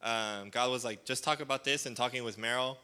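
A man's voice: medium pitch, brisk, bright, forceful tone, clean tone. Man preaching a casual, filler-heavy sermon. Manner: rambling, full of fillers like "like" and "um"; calls for responses from the congregation. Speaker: pastor.

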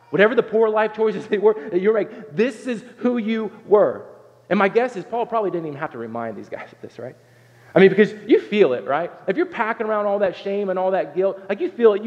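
A man from Southern Ohio preaching a sermon as pastor, earnest and conversational, often stopping to ask "right?" and restarting phrases. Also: sits high. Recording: dull sound with long hall reverb.

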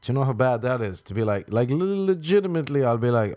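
Animated man ranting comically. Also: mid-range voice, fast, few pauses, dry recording. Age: 30s. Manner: ranting, self-mocking, acts out his own inner voice. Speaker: comedian. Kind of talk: comic monologue.

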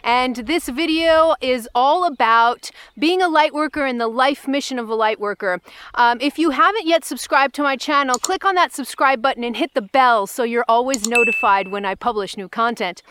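On a mountaintop outdoors, a woman spiritual coach vlogs and then teaches directly to the camera, bubbly, enthusiastic, and slightly winded from the climb. Her high voice is smooth and fairly bright, and she keeps a moderate pace as she addresses viewers.

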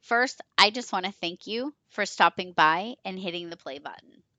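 Bright-voiced enthusiastic woman podcast host. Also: medium pitch, lively intonation, normal speed, dry recording, muffled recording. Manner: enthusiastic, chatty storyteller. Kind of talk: podcast intro monologue.

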